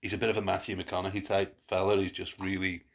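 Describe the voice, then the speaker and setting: A man hosts a relaxed podcast conversation in a very deep, husky voice. He rambles, circling back with fillers and false starts as he talks through his picks. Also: quick pace. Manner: rambling, many restarts and fillers. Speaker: podcast host. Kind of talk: casual chat.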